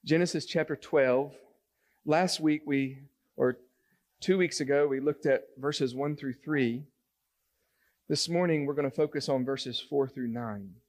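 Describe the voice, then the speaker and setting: A man's voice: medium pitch, a little mellow. A man preaching a sermon to a congregation, earnest and building to emphatic points as he reads scripture. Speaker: pastor. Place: church sanctuary.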